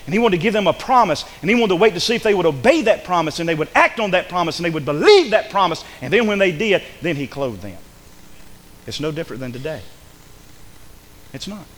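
A man's voice: high-pitched, long reverb tail, low-quality recording. A male pastor, preaching a sermon emphatically and acting out the voices of the people he quotes. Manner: emphatic, acts out quoted speakers. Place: church sanctuary.

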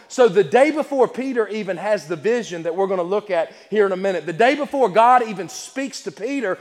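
A man preaching a sermon, swinging between loud emphatic declarations and quiet, joking asides to the congregation. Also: high-pitched, lively intonation, a little fast, few pauses. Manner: rising to loud emphatic preaching, then dropping to chatty asides. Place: church sanctuary. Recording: reverberant church hall.

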